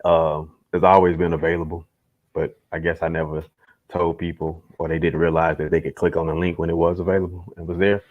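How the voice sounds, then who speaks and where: A man's voice: sits low, little pitch movement, fairly quick, phone-quality sound. A young man hosting a casual livestream chat, laid-back, swearing freely and laughing often. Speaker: host.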